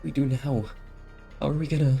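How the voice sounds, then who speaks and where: A man's voice: mid-range voice, fairly even intonation, fairly quick, vocal fry, dark tone, faint music behind, voice pushed up, natural voice. Man reading as a frantic guilt-stricken girl. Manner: anguished, pleading.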